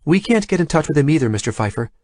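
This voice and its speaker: A man's voice: fairly high pitch, big pitch swings, racing, a little mellow, dry recording, studio quality, pitched above the performer's own voice. A man reading an audiobook, voicing a young female executive who is shaken and anxious, asking tense questions.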